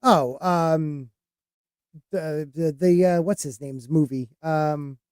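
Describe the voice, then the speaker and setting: Male podcast host, slightly high, mellow tone, rambling and halting delivery. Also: clean tone, no echo, clean studio sound. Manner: rambling, halting with many fillers and restarts. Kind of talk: casual podcast chat.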